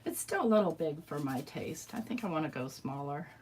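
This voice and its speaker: A woman chatting casually to herself while crafting, a little hoarse as she loses her voice, muttering and self-deprecating. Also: low-pitched, animated, brisk, a little mellow, a little hiss or hum. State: losing her voice. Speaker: crafting vlogger.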